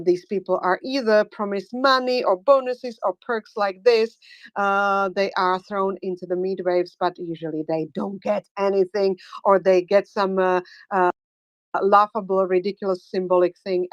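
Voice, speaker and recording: A woman hosting a live online audio chat, talking haltingly with many filler sounds and growing excited. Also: medium pitch, dry recording, lo-fi sound. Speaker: host.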